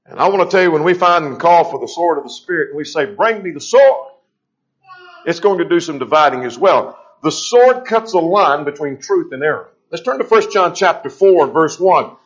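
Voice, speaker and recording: A man delivers a sermon with a fairly high voice, leaning hard on key phrases and drawing them out slowly. He poses questions to his listeners and answers them himself. The recording sounds dull and lo-fi. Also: expressive. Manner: emphatic, slows down to stress scripture. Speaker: preacher.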